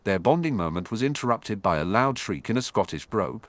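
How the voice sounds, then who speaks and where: A man reads a fantasy story aloud with dramatic energy. His voice sits low and swings widely in pitch. The recording is close and dry. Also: animated, fairly quick, no echo. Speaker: audiobook narrator. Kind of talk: scripted fantasy narration.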